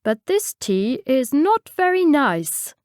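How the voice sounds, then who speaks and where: A woman's voice: high-pitched, big pitch swings, takes it slowly, darkish tone, no echo, clean studio sound, voice pushed up, heavily acted. A woman voicing a timid, polite man who stammers in a storybook.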